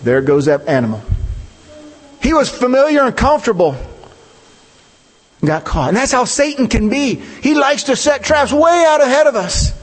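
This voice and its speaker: A man's voice: very high-pitched, moderate pace, long pauses, in a large hall. A male pastor preaching a conversational sermon, asking his listeners questions and leaning hard on key points. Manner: conversational, rhetorical questions, animated emphasis.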